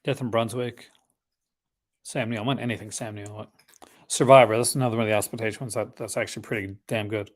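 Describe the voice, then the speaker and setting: A man's voice: fairly low pitch, fairly even intonation, fast talker. A man hosting a casual live unboxing stream, chatting in a rambling, conversational way with enthusiastic asides about films he collects.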